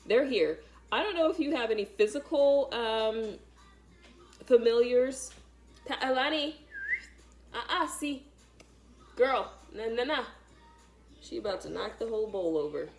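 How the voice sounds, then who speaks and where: A woman, a spiritual teacher, giving an animated spiritual talk in a casual, emphatic and dramatic way, speaking straight to her viewers. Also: on the high side, measured pace, long pauses, faint music behind.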